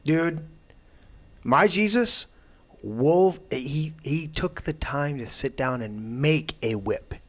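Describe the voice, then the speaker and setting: A man hosts his own show and rants with heavy swearing and indignation. His voice sits slightly high for a man, and he pushes hard on his angry points. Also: expressive, takes it slowly. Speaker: host. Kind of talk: profane political rant.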